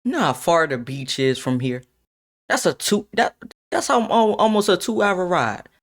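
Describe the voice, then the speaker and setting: Lively young man telling a storytime. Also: high-pitched, moderate pace. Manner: animated, slangy, repeats words as he talks. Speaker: streamer. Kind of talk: casual storytime for a stream chat.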